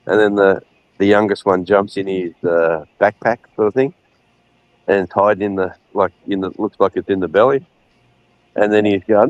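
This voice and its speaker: A man's voice: fairly low pitch, fairly even intonation, normal speed, no echo, muffled recording. A middle-aged man, chatting casually on a livestream and retelling scenes with laughs. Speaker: livestream co-host. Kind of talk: casual chat.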